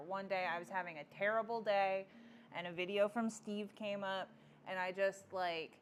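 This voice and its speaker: A woman's voice: lowish voice, fairly even intonation, moderate pace, slight background noise. Chatty woman hosting a livestream. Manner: chatty, reads viewer comments aloud. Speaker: livestream host. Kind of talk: casual livestream chat.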